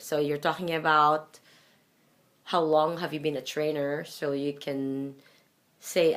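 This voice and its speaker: A woman with a Filipino accent gives an English pronunciation lesson in a low, unhurried voice. She speaks deliberately, sounding out example words again and again as she explains them. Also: little pitch movement. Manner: slow, deliberate, demonstrating sounds with repeated examples. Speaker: English fluency trainer.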